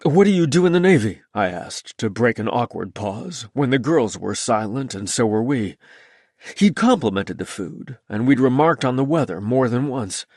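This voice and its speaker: Male audiobook narrator, first-person storytelling, lively pitch, dry booth sound. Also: moderate pace, no room sound.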